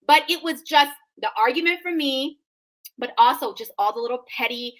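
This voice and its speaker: A woman in her thirties co-hosting a podcast, telling an animated, sassy story in casual chat and acting out the people in it. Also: high voice, moderate pace. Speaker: podcast co-host.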